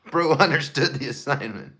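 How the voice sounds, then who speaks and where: Profane, lively man telling stories. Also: a little high, moderate pace, echoey room. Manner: profane, laughing, rambling banter. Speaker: livestreamer. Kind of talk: casual livestream storytelling.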